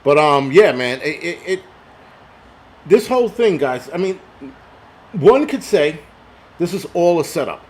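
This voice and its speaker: A man's voice: a little high, very animated, unhurried, long pauses. A middle-aged man hosting a live stream, ranting profanely and reading chat comments aloud, a little tipsy from liquor. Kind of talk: casual live stream rant.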